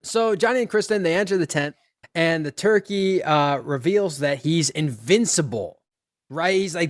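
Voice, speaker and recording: A man's voice: a little high, animated, normal speed. Man casually recapping a movie. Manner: rambling, retells plot with quoted lines and laughs. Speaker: podcast host.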